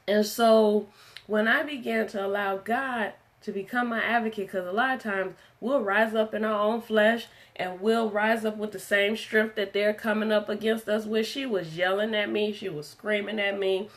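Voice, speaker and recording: A woman's voice: mid-range voice, fairly even intonation, moderate pace. A woman preaching a livestreamed testimony sermon, earnest and emphatic, driving her points home by repeating them.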